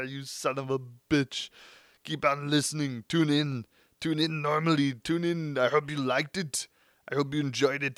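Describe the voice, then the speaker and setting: A man's voice: medium pitch, pushed and bright, no room sound, studio quality, voice pushed up. Man doing a boastful muscleman. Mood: plugging. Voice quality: heavy, clipped broken phrasing. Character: loud Austrian-accented muscleman action star, boastful.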